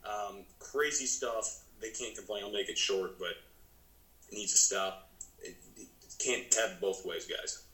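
A man co-hosting a sports podcast, talking in a casual, conversational way with quick asides. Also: deep voice, fairly even intonation, bright, forceful tone, slight background noise. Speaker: podcast co-host. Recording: roomy, echoey sound.

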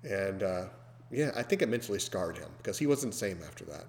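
Lower-voiced man telling a story. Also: brisk, creaky, slight background noise. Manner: animated, mimics screams loudly. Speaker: podcast host. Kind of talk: casual storytelling. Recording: long hall reverb.

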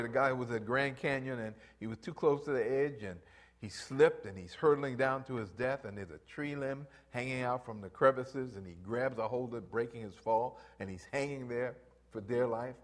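A man preaching a sermon, acting out voices and building to loud, repeated calls to rise. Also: medium pitch, moderate pace. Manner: animated preaching, acts out voices, rises to loud exhortation. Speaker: pastor.

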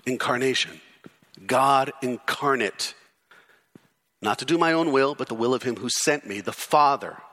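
A male pastor preaching an expository sermon, emphatic, with repeated rhetorical questions and sudden drops into low, intense delivery. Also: animated, measured pace, long pauses, pushed and bright.

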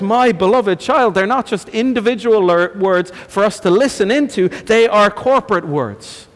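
A man preaching a sermon in a church, explaining scripture in an earnest, measured way and posing questions to his listeners. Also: sits high. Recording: long reverb of a church hall.

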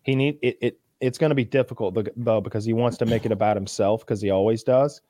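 A man giving his opinions in casual chat, emphatic and direct. His voice is mid-pitched, and the sound is dry and close. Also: quick pace, mellow, no room sound.

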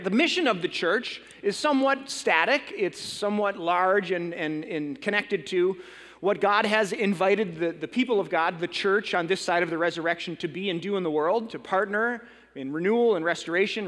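A man's voice: high voice, a bit bright. A man preaching a sermon as a pastor, casual and conversational, telling a story with fillers and restarts in a large church hall. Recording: long reverb in a large hall.

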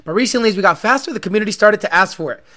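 Cursing male livestream host, brash and loud, congested, bright voice. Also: high voice, expressive, rapid-fire. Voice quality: profane, loud and brash, shouts sponsor names. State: congested, out of breath. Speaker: car-scene livestream host. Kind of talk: profane casual livestream rant.

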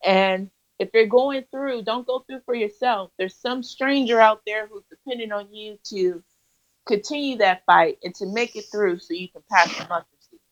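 A woman's voice: mid-range voice, normal speed. Earnest woman telling her story. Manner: earnest, emphatic, preacher-like cadence. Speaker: guest. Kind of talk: interview storytelling. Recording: slightly dull lo-fi audio.

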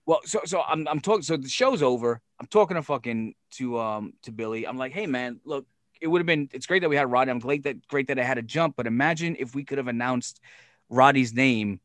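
A man's voice: medium pitch, fairly quick, dry recording. Swearing storyteller man, dry close mic. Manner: profane, animated, acts out quoted voices. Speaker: podcast guest telling stories. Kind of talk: casual storytelling chat.

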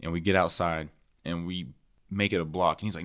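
A man's voice: sits low, steady tone, fast talker, fairly bright tone. A man co-hosting a podcast, talking bluntly and heatedly with heavy swearing in casual chat. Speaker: podcast co-host.

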